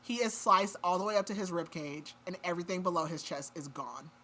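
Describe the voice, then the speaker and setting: On a podcast, a woman casually summarizes a book's story, her chatty retelling full of "like." She talks fairly quickly in a lowish, slightly bright voice.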